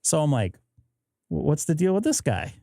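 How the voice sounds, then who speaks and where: A man's voice: fairly high pitch, very animated, moderate pace, vocal fry, warm tone, no room sound, clean studio sound. A man hosting a live stream, chatting casually and acting out both sides of a story. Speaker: host. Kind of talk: casual chat. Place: home radio shack.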